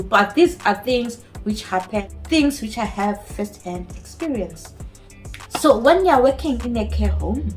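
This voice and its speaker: A woman's voice: mid-range voice, a little mellow, poor audio. A woman with a non-native English accent, a care home nurse speaking earnestly and emphatically in a personal vlog. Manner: earnest, emphatic, repeats key phrases. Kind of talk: personal vlog talk to camera.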